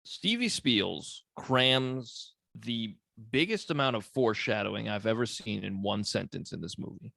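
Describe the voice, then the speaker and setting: A man's voice: lowish voice, lively intonation, a little slow, gravelly, few pauses, bright, forceful tone, no echo, clean studio sound. A young man co-hosting a podcast, talking about a movie in laid-back, joking chat, laughing often and swearing freely. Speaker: podcast co-host.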